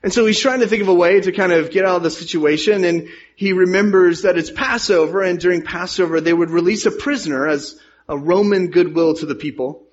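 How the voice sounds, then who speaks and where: A man's voice: high-pitched, brisk. A man preaching a sermon and reading scripture aloud in an earnest manner, his volume rising and falling. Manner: earnest, rises and falls in volume. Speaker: pastor. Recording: dull lo-fi sound.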